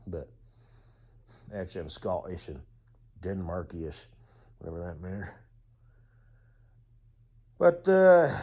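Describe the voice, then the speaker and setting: A man's voice: low-pitched, very animated, slow pace, long pauses. A man talking in a casual rambling monologue as a YouTuber, profane and full of whooping asides, on slightly dull lo-fi audio.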